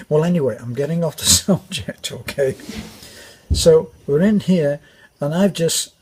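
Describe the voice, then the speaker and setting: Telling a wandering army anecdote packed with fillers and false starts, this older vlogger from Britain speaks with a British accent. His medium-pitched voice is unhurried and darkish, carrying a breathy edge.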